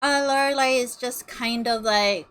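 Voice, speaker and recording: A woman playing a tabletop game who talks in a halting, unhurried way. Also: a little high, fairly bright tone, clear, resonant tone. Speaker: player. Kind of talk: tabletop game play on stream.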